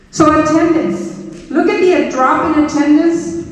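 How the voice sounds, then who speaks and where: A woman's voice: high voice, unhurried. A middle-aged woman, a school superintendent giving a speech to staff in a large auditorium, emphatic and repeating her key points to the audience. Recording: echoey auditorium, voice from far off.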